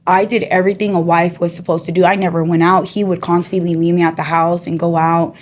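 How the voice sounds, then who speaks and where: Her voice is low and fast with little pitch movement. Sharing her testimony as a guest, she tells her life story in casual street talk, repeatedly saying "you know" and "girl" while acting out the characters.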